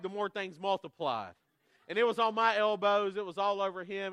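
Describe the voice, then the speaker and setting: Man preaching a lively sermon, fairly high voice, smooth resonant tone, dry close sound, animated storytelling. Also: a little fast, dry recording. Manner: animated storytelling, rising to near shouts at climaxes; self-deprecating and conversational, with frequent restarts. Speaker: guest preacher.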